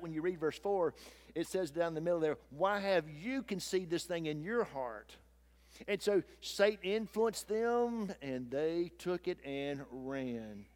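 Folksy man preaching a sermon. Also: on the high side. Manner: folksy, animated preaching with acted-out quotes. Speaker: pastor.

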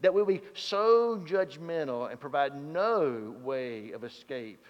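A man preaching a sermon, telling stories and swinging from loud to hushed. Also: medium pitch, animated, slow. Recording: dull sound in a reverberant hall.

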